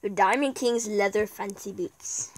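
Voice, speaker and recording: A woman's voice: mid-range voice, unhurried, slight background noise. A woman giving casual gameplay commentary, chatting to herself as she plays. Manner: chatty, talks to herself while playing. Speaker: gameplay video maker.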